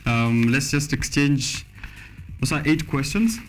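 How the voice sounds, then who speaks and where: A man's voice: mid-range voice, lively intonation, takes it slowly, over music. Kenyan man hosting a playful quiz. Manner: laughing, playful. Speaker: TV show host. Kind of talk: casual quiz chat. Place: TV studio.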